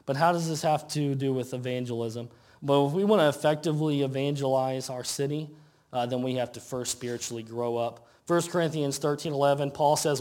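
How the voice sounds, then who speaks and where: A pastor preaching a conversational sermon, asking rhetorical questions and reading scripture slowly. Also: male voice, medium pitch, darkish tone. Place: church sanctuary.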